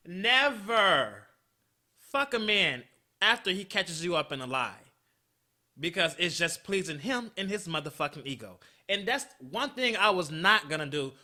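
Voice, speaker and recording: A man hosting a podcast, telling a story in a blunt, profane, animated way. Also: high-pitched. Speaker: podcast host. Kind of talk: casual storytelling.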